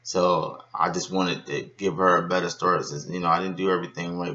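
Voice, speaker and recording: Deep-voiced man telling a candid testimony. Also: fairly even intonation, brisk, hardly any pauses, sharp tone, highs cut off. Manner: candid storytelling with many fillers. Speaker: street preacher. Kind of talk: personal testimony vlog.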